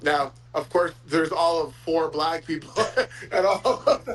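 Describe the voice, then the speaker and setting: A man hosting a casual chat, talking in a rambling, warm-hearted way with frequent chuckles. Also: fairly high pitch, steady tone, unhurried, poor audio. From Florida. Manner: rambling, chuckles often, fillers. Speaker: host.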